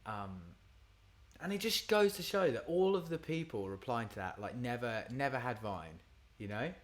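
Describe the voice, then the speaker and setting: Male singer-songwriter, casual livestream chat, animated pitch, rambly. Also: moderate pace. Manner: rambling, chatty, lots of fillers. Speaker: singer-songwriter streaming to supporters.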